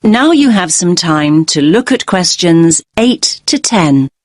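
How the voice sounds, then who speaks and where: A woman gives listening test instructions in a calm, measured way. Her voice sits somewhat low, and the recording is close and dry. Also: no room sound. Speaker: test narrator. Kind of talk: scripted exam instructions.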